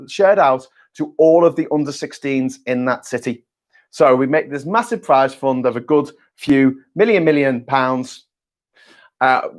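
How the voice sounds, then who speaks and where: A man with a somewhat high voice talks through news and politics on his own. He rambles, cracks jokes at his own expense and stumbles into restarts and repeats. He swears now and then in a loose, casual way. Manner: rambling and jokey, self-mocking asides, swears casually; frequent restarts and stammered repeats. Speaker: vlogger.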